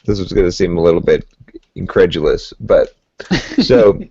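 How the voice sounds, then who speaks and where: Deep husky guy rambling through a story on a podcast, dry dull sound. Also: normal speed, mellow, no echo. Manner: rambling, laughs while telling stories. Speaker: podcast co-host. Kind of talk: casual storytelling chat.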